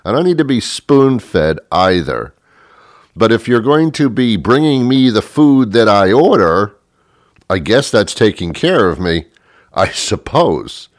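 A man's voice: on the low side, measured pace, dry recording, studio quality. A middle-aged man telling a rambling, sarcastic comic story about himself. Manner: sarcastic, self-mocking, lively rambling. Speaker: comedic storyteller. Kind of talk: comedic monologue.

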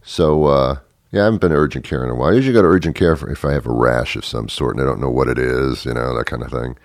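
A man's voice: rumbling low, rapid-fire, no echo. A man hosting a radio show, rambling through a dry, self-mocking comic monologue and chuckling as he goes.

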